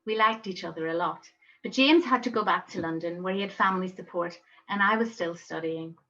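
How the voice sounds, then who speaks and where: A middle-aged woman, telling a personal story in a reflective, gently wry manner. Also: lowish voice, brisk, highs cut off. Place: home.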